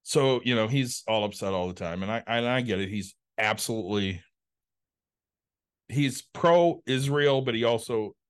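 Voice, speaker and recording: A man's voice: lowish voice, expressive, measured pace, clear, resonant tone. A man co-hosting a podcast in casual chat, telling blunt stories and swearing freely. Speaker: podcast co-host.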